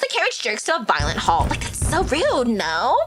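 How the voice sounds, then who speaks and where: A woman's voice: on the high side, wildly swooping pitch, normal speed, over music. Woman putting on a ditzy valley girl drawl. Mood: snooty, offended. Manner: drawling with constant "like" and "oh my god".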